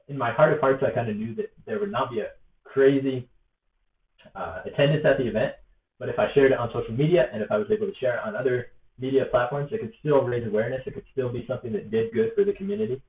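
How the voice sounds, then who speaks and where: A young man telling a story in a casual, earnest, rambling way, with lots of fillers, recorded on a laptop. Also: mid-range voice. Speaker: rally organizer. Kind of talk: casual spoken reflection to camera. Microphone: laptop or tablet built-in mic. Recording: echoey, distant, phone-like tinny sound.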